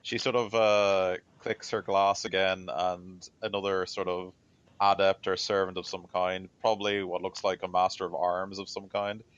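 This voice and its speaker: A man narrating as game master in a tabletop game, relaxed and hesitant, with many fillers. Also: low-pitched, moderate pace, clean tone, muffled recording.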